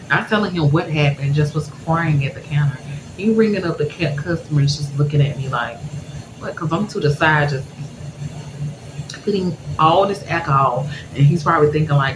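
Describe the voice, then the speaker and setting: A woman's voice: sits low, moderate pace. A woman vlogger telling her viewers a personal story in a candid, emotional way, laughing through sad memories. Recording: echoey room with background noise.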